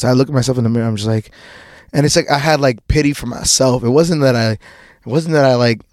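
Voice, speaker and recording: A young man talks alone in a loose, rambling way, stumbling over restarts and swearing casually as he goes. His pitch sits in an ordinary middle range. The recording is close and dry, with almost no room sound. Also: fast talker, darkish tone, no room sound. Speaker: podcast host. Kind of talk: casual personal monologue.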